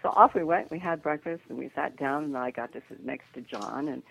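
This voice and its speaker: An older woman, a psychic guest, telling a story in an animated way over the phone. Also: very deep voice, fairly quick, vocal fry, slight background noise. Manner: lively narration with acted quotes and laughter. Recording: tinny phone line.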